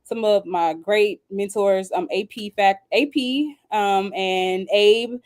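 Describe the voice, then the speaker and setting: A young woman, a singer and songwriter, telling a story in a casual interview, animated and laughing often. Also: mid-range voice, takes it slowly. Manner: animated, squeals when acting out quoted dialogue.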